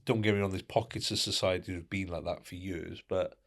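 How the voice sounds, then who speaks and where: A man's voice: low voice, steady tone, quick pace, gravelly. A man co-hosting a casual podcast, talking indignantly and asking rhetorical questions. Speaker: podcast co-host.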